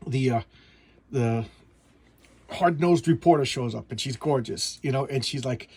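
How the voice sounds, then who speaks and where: A man talks casually through a comic book, recorded at home on a camera mic. His voice is husky and sits at an ordinary pitch. He rambles and often stumbles over restarts. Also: unhurried, a little mellow, no echo.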